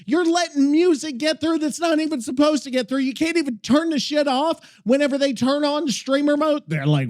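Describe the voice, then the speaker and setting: A man's voice: very high voice, expressive, brisk, few pauses. A man hosting a gaming podcast, ranting animatedly and swearing a lot as he acts out characters in a casual style. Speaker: podcast host.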